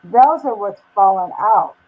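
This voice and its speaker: A woman in a relaxed voice chat, chatty and easygoing, shrugging off her troubles. Her voice is medium-pitched and comes through a dull, lo-fi line. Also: a little slow, husky. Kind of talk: casual voice chat.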